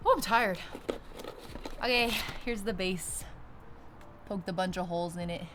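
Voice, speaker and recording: A woman's voice: fairly low pitch, unhurried. A young woman streamer chatting casually and swearing as she repots plants at home, giggling often. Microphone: streaming setup with a camera. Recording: steady background noise.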